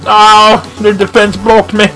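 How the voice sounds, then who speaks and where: A man commentating his own video game play live, excitable and shouting at the action. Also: high-pitched, slow pace, soft background music. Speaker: gaming channel host.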